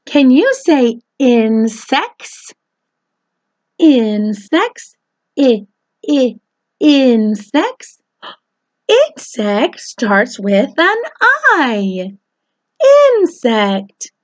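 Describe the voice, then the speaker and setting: Slow, sing-song preschool teacher woman. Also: on the high side, very animated, no room sound. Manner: slow, exaggerated, sing-song teacher delivery with gasps and oohs. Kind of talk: children's phonics lesson.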